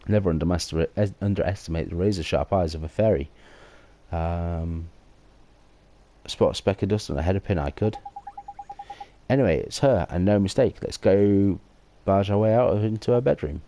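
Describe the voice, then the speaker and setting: A man's voice: deep voice, normal speed, dark tone. A man voicing a brash, chatty male fairy sidekick in a video game, with slangy, teasing talk. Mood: cheeky.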